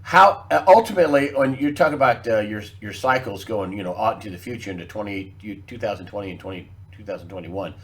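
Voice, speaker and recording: A man's voice: fairly low pitch, quick pace, hardly any pauses. A man hosting an interview, asking questions with frequent restarts and stumbles. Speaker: interview host.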